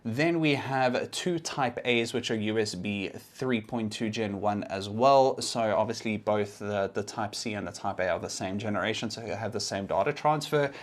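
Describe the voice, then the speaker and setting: A man's voice: on the low side, moderate pace, hardly any pauses. Chatty man reviewing gadgets. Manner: chatty, explanatory, occasional restarts. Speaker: tech reviewer. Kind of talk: casual product review.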